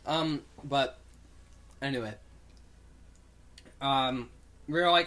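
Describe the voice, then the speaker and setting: A man's voice: medium pitch, extremely slow, long pauses, sharp tone. A young man telling a story in casual chat, rambling with lots of fillers and acting out what people said. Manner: rambling, lots of "like" and "um", acts out quotes.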